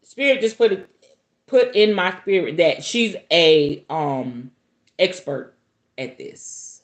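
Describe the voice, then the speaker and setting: Woman host reading a book out loud, stops to joke around, voice swings up and down a lot. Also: on the low side, slow pace. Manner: animated, playful asides between read passages. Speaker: podcast host. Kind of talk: reading a book aloud with casual commentary.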